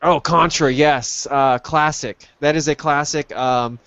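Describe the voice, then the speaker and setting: A man hosting a casual chat about old games, rambling with many pauses and ums. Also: on the high side, fairly even intonation, fairly bright tone, dry recording. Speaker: podcast host. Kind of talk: casual chat over gameplay. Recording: dull lo-fi sound, dry.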